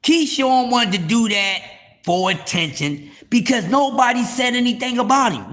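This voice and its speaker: Heated man ranting with a gravelly voice. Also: sits high, fairly bright tone. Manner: heated, profane, repeats words for emphasis; speaks straight to the viewers as y'all. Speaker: live stream host. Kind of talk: casual boxing rant to a live audience.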